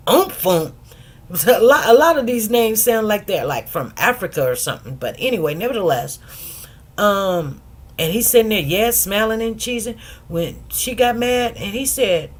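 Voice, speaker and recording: Female commentary host, casual and animated storyteller, many restarts and asides to viewers. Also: a little high, a little slow. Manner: animated storyteller who acts out quotes in different voices. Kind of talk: casual commentary on a court case.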